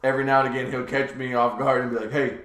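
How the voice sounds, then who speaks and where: A man's voice: mid-range voice, level tone, racing, a bit bright. A male podcast host in casual chat, telling a story in a crude, teasing, joking way. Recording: echoey room.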